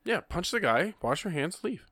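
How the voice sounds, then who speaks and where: Man, podcast co-host, jokey movie recap, acts out quotes, bright sharp voice, dry close sound. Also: sits high, sing-song, moderate pace, dry recording. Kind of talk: casual movie recap chat.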